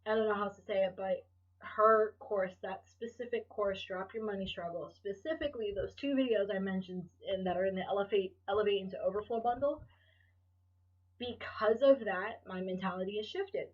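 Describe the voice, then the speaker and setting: A woman's voice: mid-range voice, normal speed, distant mic, highs cut off. A woman hosting her own podcast, talking candidly and emotionally, swearing freely and rambling with restarts. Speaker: podcast host. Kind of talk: candid solo podcast monologue.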